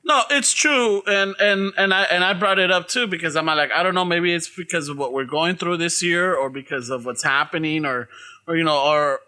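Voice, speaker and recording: A man with a Mexican-American accent chatting on a podcast, animated, swearing and slipping into Spanish. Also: fairly high pitch, normal speed. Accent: Mexican-American English. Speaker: podcast guest. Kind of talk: casual chat.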